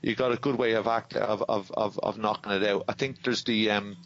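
A man's voice: lowish voice, fairly even intonation, a little fast, a bit bright. An Irish man telling stories as a podcast guest in casual chat, rambling and restarting his words often. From Ireland. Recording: dull dry podcast sound.

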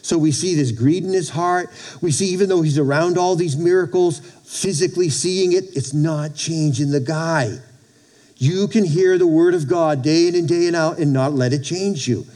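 A man preaching a sermon, retelling a story in a halting way, repeating words and acting out the characters' lines. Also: a little high, dark tone. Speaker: pastor.

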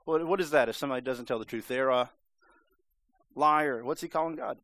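A man's voice: medium pitch, brisk, a bit bright, dry recording. A man preaching a sermon in a conversational, emphatic way, sometimes acting out voices. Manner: conversational, emphatic, acts out the serpent's lines.

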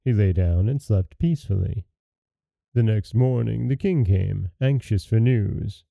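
A man hosting a podcast, calmly reading a fairy tale aloud in a measured way. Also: on the low side, vocal fry, no room sound. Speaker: podcast host and storyteller. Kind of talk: scripted storybook narration.

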